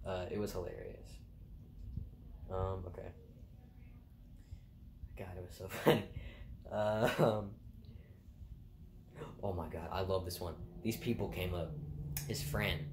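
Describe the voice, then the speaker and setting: Young male vlogger, lowish pitch, loose chatty storyteller who laughs at his own anecdotes. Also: a little slow, long pauses, background noise. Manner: rambling, laughs at own stories, swears casually. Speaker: food court worker. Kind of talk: casual storytelling.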